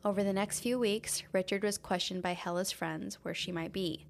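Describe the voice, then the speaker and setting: A woman's voice: medium pitch, steady tone, moderate pace, creaky, a little hiss or hum. A woman co-hosting a casual podcast, chatting and reading out case notes in a laid-back, jokey way. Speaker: podcast co-host. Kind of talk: casual chat and true-crime narration.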